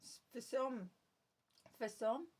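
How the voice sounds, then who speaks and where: Her voice sits on the high side and comes out slow and a little mellow. She's a tarot reader giving a spoken reading to her viewers, earnest, repeating her phrases and calling the listener "love."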